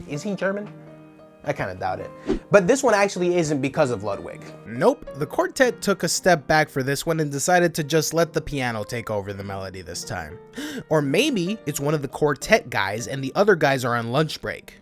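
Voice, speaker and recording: Animated, jokey male reviewer. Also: a little high, moderate pace. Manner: animated, jokey and self-mocking. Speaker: music reviewer. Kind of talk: casual soundtrack review commentary. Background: faint game music.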